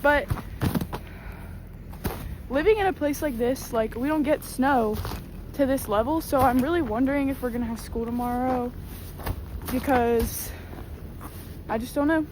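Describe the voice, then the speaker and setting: A high-pitched woman chats her way through deep snow outside, exclamatory and self-mocking, short of breath, her voice a little rough. It is a noisy outdoor recording from a camera on a tripod, and she often wanders away from the mic. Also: a little slow, long pauses. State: voice a bit rough. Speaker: vlogger. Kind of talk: casual vlog narration. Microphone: camera on a tripod, sometimes from a distance. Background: outdoor ambient noise.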